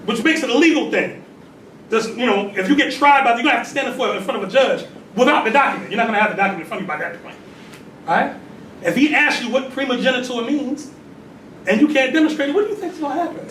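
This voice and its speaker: A man's voice: very high-pitched, lively intonation, quick pace, fairly bright tone. A man giving a call-and-response religious talk, conversational and full of "right?" tag questions. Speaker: temple leader giving a talk. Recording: echoey distant room recording with noise.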